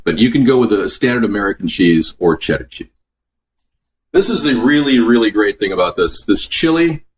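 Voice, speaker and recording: A man hosting a casual cooking show from his home kitchen, chatting and answering viewer comments as he goes. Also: on the low side. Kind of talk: casual live-stream cooking chat.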